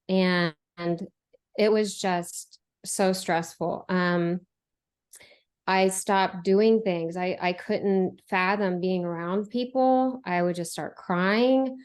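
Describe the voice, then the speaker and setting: A woman's voice: medium pitch, smooth. A woman telling her recovery story as an interview guest, earnest and chatty, with many fillers and restarts. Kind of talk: candid conversational storytelling.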